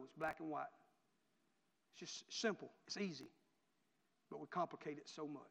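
A middle-aged man preaching an impassioned revival sermon, swinging from loud outbursts to hushed folksy asides. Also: fairly high pitch, creaky. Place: church sanctuary. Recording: dull lo-fi recording in a reverberant church.

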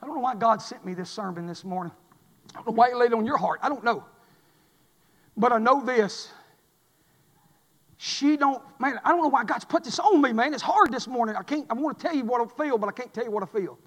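High-voiced preacher in a hall. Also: male voice, a little fast. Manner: impassioned, swings from loud preaching to hushed pleading. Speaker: pastor. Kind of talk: sermon. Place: church sanctuary.

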